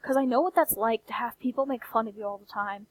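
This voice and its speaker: Soft-spoken young woman with a country accent. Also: fairly high pitch, fast, no echo, poor audio. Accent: American country. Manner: candid, blunt, sprinkled with swearing. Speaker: vlogger. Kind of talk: soft-spoken late-night rant. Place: quiet room late at night.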